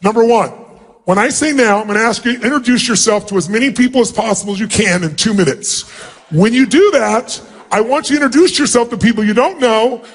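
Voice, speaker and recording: High-voiced man commanding a huge crowd. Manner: commanding, energetic, calling out to the crowd. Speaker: seminar speaker leading an audience exercise. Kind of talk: live motivational seminar. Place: large event hall with thousands of people.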